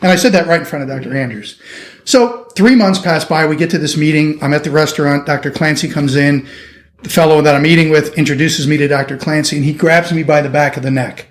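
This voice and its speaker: A middle-aged surgeon from the United States telling a lively anecdote in an interview, acting out the people he quotes. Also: a little high, quick pace. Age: 50s. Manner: animated anecdotal storytelling, acting out quoted voices. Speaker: orthopedic surgeon guest. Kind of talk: storytelling interview.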